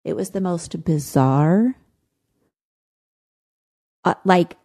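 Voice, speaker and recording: A woman co-hosting a parenting podcast, telling a disturbing story in casual chat with deep emotion. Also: drawn-out words, dark tone. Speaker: podcast co-host.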